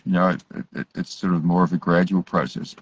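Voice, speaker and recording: A man with a very low voice hosts an interview, thinking aloud and pausing on "uh" and "you know." His recording is muffled and dull, and it is dry, with no room echo. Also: steady tone. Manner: hesitant, many "you know" and "uh" fillers. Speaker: interview host. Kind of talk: interview commentary.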